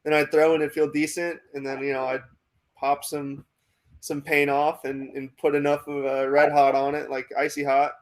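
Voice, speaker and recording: A young man with an American accent, a minor league pitcher telling a long story in a casual interview, full of "like" and "um". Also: level tone, normal speed. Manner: rambling, many fillers like "like" and "um".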